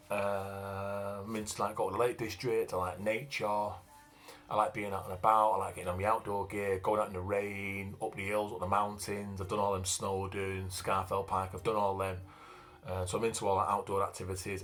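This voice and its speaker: A fairly low, fairly bright male voice belongs to a Manchester vlogger and author in his fifties with a broad local accent. He talks about himself in a blunt, plain-spoken, casual monologue packed with fillers, over faint background music.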